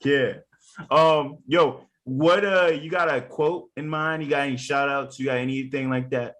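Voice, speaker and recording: A man hosts a casual interview at an ordinary, middle pitch. He talks in relaxed slang and keeps things easygoing. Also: normal speed. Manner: laid-back slang. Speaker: host.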